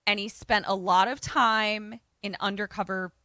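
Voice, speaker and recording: A woman podcast co-host retelling a film in casual, profane chat, animated and acting out bits of dialogue. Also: mid-range voice, normal speed. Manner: animated, profane, acts out voices.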